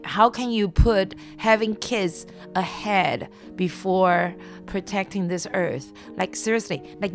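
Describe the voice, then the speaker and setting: Bright-voiced giggly woman guest. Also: mid-range voice. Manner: giggly, animated, laughs often. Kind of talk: casual podcast chat.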